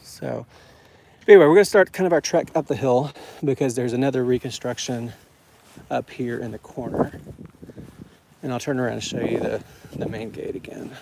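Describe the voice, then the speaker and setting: A man from Florida, a travel vlogger and guide, leads a chatty walking tour outdoors in the cold, out of breath from climbing a hill. His medium-pitched voice is creaky and a little mellow, at normal speed with long pauses, many fillers and restarts, captured in noisy outdoor camera audio.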